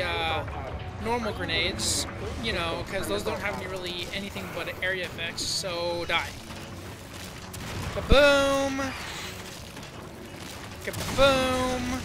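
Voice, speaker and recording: A let's play commentator who talks to the game in exasperated rants, swearing and breaking into loud outbursts. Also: medium pitch, expressive, normal speed. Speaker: gameplay commentator. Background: game music.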